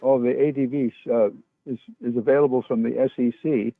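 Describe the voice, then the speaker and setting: A man's voice: medium pitch, steady tone, a little fast, gravelly, no room sound. A man calling in to a radio show, speaking hesitantly. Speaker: caller. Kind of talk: phone-in question. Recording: lo-fi phone-in audio.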